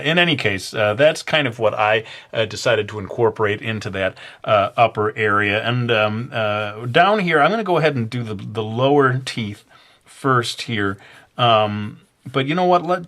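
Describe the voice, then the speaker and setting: A man narrating a drawing tutorial in a relaxed, rambling way, full of ums and uhs and self-deprecating jokes. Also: on the low side. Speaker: drawing instructor.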